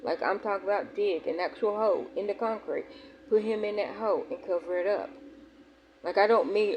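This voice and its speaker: A woman's voice: medium pitch, moderate pace, dull audio. Young woman, frank vlogger, emphatic with restarts, faint room hum behind. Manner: candid, emphatic, rambling with restarts. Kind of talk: personal vlog talking to viewers.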